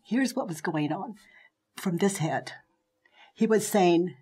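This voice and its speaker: Slow breathy woman teaching gently. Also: on the low side, lively intonation. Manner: slow, gentle, drifting into soft whispers. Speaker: spiritual teacher. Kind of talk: reflective teaching talk. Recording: played clip from online video.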